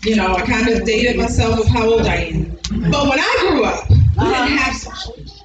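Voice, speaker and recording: A woman's voice: a little high, lively intonation, a little fast, highs cut off. A middle-aged woman preaching a sermon with emphasis, repeating key lines and chuckling between points. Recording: echoey hall, distant mic, music underneath.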